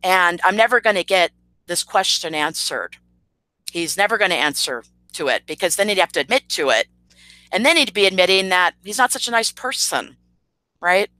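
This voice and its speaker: A woman's voice: fairly low pitch, lively intonation, moderate pace, sharp tone, no echo, rough recording. A woman hosting a livestream, talking sarcastically and indignantly to her chat with lots of fillers. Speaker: channel host. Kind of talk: livestream commentary rant.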